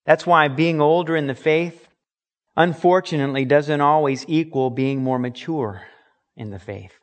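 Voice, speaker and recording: An earnest male pastor delivers a sermon with emphatic conviction. His voice sits a little higher than most men's. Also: moderate pace. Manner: earnest, emphatic preaching with acted-out examples.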